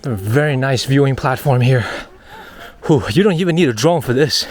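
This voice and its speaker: With a medium-pitched, expressive voice and moderate pace, a man vlogs his hike up an outdoor mountain trail. Talkative and winded, he circles back to the same phrases and muses aloud.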